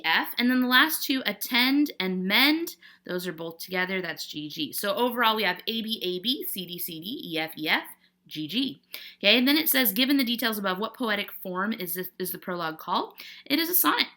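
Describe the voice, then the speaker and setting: Young woman teacher going over a worksheet, bright clear voice, keeps asking okay?. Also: medium pitch, animated, moderate pace. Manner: patient, checks in with frequent "okay?". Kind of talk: classroom lesson walkthrough.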